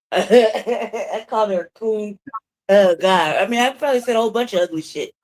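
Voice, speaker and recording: A woman's voice: mid-range voice, normal speed, darkish tone, no echo. Profane, laughing woman co-host. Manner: profane storyteller, laughs often. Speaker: co-host of a news talk show. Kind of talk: casual chat. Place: her own room.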